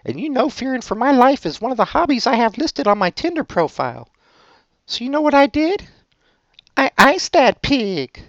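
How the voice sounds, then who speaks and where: A man putting on a high, strained impression voice to read out a letter as a shrill, unhinged man. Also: big pitch swings, normal speed, a bit bright, dry recording, full character voice. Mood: manic. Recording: dull lo-fi sound.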